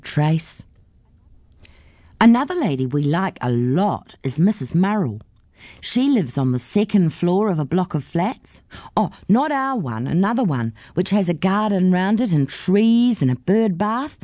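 A woman's voice: on the low side, warm tone, no room sound, clean studio sound. A woman reading a children's story aloud in a childlike first-person telling. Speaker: storybook reader.

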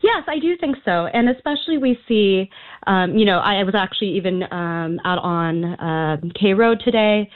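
A woman's voice: medium pitch, lively intonation, moderate pace. Woman guest on a tinny phone line. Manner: knowledgeable, explanatory, with frequent fillers. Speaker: food writer guest. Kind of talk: radio interview on a phone line. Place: Auckland, New Zealand.

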